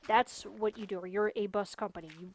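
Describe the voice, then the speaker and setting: A young woman livestreams a game, chatting casually as she plays, venting and hammering her points home by repeating them. Her mid-range voice moves fairly quickly with fairly even intonation, and there's a slight hiss or hum in the recording.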